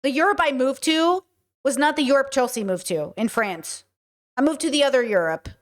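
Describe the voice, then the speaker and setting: High-voiced woman, animated and profane. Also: normal speed. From United States. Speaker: commentator reacting to a video. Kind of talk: casual reaction commentary. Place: living in Croatia.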